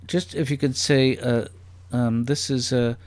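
A man's voice: mid-range voice, steady tone, measured pace, darkish tone, slight background noise. Rambling, curious man chatting. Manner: rambling and curious, fires off playful questions. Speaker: guest comedian. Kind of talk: casual podcast chat.

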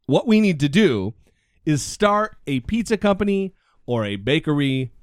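A man's voice: fairly high pitch, sing-song, measured pace, no echo, clean studio sound. A man co-hosting a political podcast, talking casually in a sarcastic, outspoken way. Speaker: podcast co-host.

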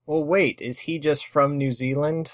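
A man's voice: a little high, fairly even intonation, a little slow, no room sound. A man co-hosting a podcast in casual chat, laid-back and dry-humored. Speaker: podcast co-host.

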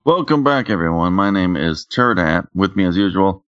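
A man in his forties co-hosts a podcast with crude, joking banter and plenty of swearing. His voice sits low, and the mic sound is dry and slightly dull. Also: expressive, normal speed, few pauses, fairly bright tone, smooth, dry recording. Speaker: podcast co-host. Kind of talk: crude casual chat.

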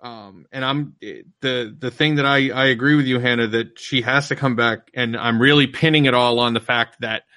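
A man co-hosting a casual podcast chat, talking in an animated, loose way and explaining at length. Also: mid-range voice, normal speed, hardly any pauses, no echo. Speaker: podcast co-host.

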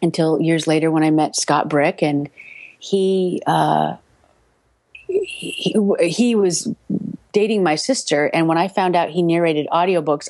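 A woman's voice: no room sound, studio quality. A middle-aged woman, a voice actress, telling stories from her career in a casual interview, acting out the voices of the people she quotes. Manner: animated anecdote-telling, acting out quoted voices with big pitch jumps. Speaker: voice actress and audiobook narrator guest.

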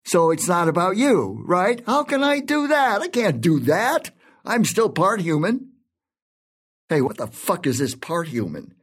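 Brash film producer played by a man, blustery, somewhat high voice, animated delivery. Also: a little slow, husky, exaggerated voice. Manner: blustery, swings between loud outbursts and muttered asides. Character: brash fast-talking male film producer. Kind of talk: audio drama with inner monologue.

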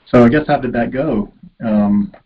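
A man hosts a podcast interview, asking questions and sympathizing with his guest. His voice is husky, at an ordinary pitch for a man. The audio is slightly muffled. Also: moderate pace. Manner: sympathetic, affirming, with easy laughs. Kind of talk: casual interview chat.

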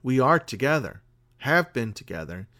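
A man's voice: medium pitch, moderate pace. Cryptic mysterious woman, as a male reader puts her on. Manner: cryptic, flat, final. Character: mysterious calm woman fortune-teller, cryptic. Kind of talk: read-aloud story dialogue.

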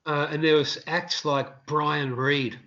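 An Australian man, a street performer, telling rambling, animated anecdotes in a casual interview. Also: on the high side, slow, highs cut off.

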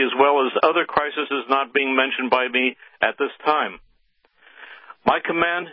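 A man reading a letter aloud on a radio show in a measured, formal way with occasional hesitations. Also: a little high, no room sound, lo-fi sound.

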